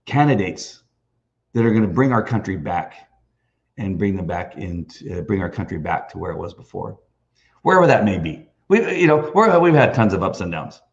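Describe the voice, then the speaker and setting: A man's voice: sits low, normal speed, creaky, highs cut off. A man hosting a live video stream, talking off the cuff in a rambling, emphatic way with lots of restarts. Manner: animated, emphatic. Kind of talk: off-the-cuff livestream monologue.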